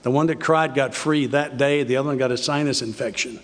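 An older man giving an earnest, confessional recovery talk, telling his story with halting restarts. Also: mid-range voice, fairly even intonation. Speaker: recovery speaker. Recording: reverberant hall.

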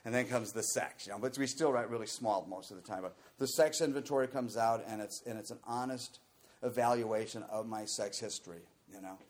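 A man's voice: on the low side, fairly quick. A man giving a candid, conversational talk to a group about recovery program steps, often saying "you know".

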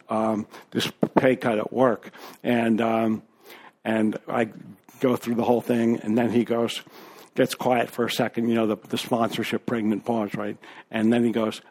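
A man's voice: medium pitch, a little mellow. A man as a guest speaker, telling his personal recovery story to a group in a candid, conversational way with fillers and asides.

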